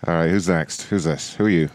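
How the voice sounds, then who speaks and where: A man's voice: deep voice, fairly quick, a little mellow. A man hosting a comedy podcast, joking around and playing listener voicemails. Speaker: podcast host. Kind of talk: casual comedy chat.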